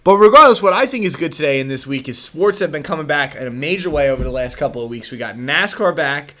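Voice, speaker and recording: A man hosting a podcast in casual chat, rambling and profane, getting excited as he talks. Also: a little high, fast talker. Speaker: podcast host.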